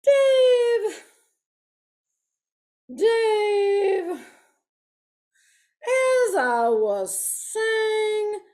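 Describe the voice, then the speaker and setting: A woman's voice: very high voice, very animated, extremely slow, long pauses, darkish tone, voice pushed up, exaggerated voice. A woman voicing a prim, fussy older Sunday school teacher in a comic monologue, talking in a lilting, stagey way full of asides.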